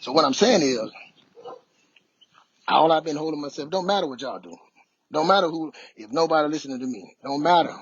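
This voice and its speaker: A man talking casually on a walk, sharing life lessons in a preachy, repetitive, animated way. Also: mid-range voice, breathy edge, no room sound. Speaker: motivational vlogger. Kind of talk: casual motivational talk. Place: outdoors on a walk. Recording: dull, lo-fi sound.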